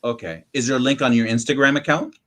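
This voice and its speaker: A woman hosting a casual interview, talking in a lively way and laughing along. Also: a bass voice, fast. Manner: lively, laughing, puts on voices in stories. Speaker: interview host.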